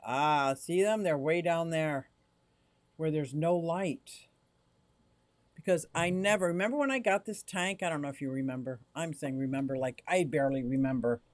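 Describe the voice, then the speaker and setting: Man, high voice, excitable, chatty, live stream, home fish room, directional mic. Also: normal speed, no echo. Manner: chatty and excitable, thinks aloud while fiddling with gear. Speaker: aquarium hobbyist livestreamer. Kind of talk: casual live stream chat to viewers. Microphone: directional microphone.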